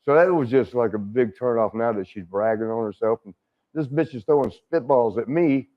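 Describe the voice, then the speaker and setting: An older wrestling legend, appearing as a guest, tells a rowdy story in casual conversation, laughing, swearing and acting out quotes. His medium-pitched voice is a little fast, and the stream audio sounds dull and lo-fi.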